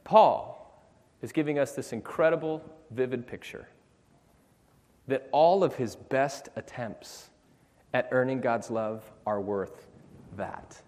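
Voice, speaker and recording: A man preaching a sermon as pastor, earnest and emphatic, slowing down to stress key phrases. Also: medium pitch, darkish tone. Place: church sanctuary. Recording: long church reverb.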